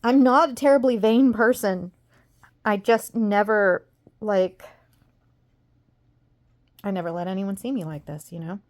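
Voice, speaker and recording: A woman's voice: mid-range voice, unhurried, long pauses, a little mellow. A woman vlogging at home in a rambling, self-deprecating, exasperated way. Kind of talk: casual personal vlog.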